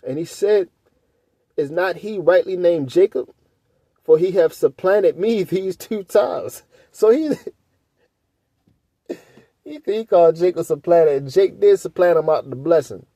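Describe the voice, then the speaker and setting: Reading verses aloud during a casual scripture study, a male Bible teacher breaks into blunt, loose remarks he frequently caps with a questioning "right?". He speaks a little slowly with long pauses, in a high, animated, warm voice, and there is no room sound.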